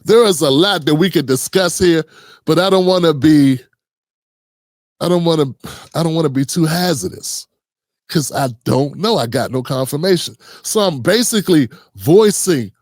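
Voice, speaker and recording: High-voiced man giving earnest commentary. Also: animated, moderate pace, no room sound, clean studio sound. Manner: earnest, restless, full of restarts and rhetorical questions. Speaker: commentary channel host. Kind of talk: casual spoken commentary.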